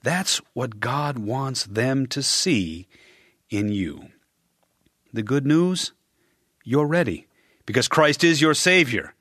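A man preaching a sermon in an earnest, emphatic way, rising on key words and dropping soft at line ends. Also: mid-range voice, very animated, slow pace, no room sound, studio quality.

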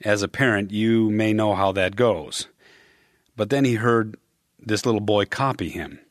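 A man preaching a sermon in an earnest, emphatic way, rising on key words and dropping soft at line ends. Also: fairly low pitch, unhurried, no room sound, studio quality.

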